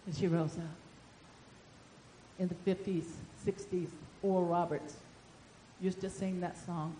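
An older woman preaching a sermon, telling the story with animation and swinging between loud and soft. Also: on the low side, fairly even intonation, unhurried, pauses often, echoey room, a little hiss or hum, poor audio.

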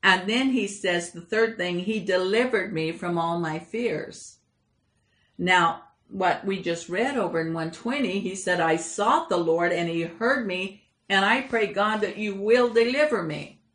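A woman preaching a sermon, reading scripture with emphatic, slowed delivery. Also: medium pitch, fairly bright tone, echoey room. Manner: emphatic, slows down for scripture lines.

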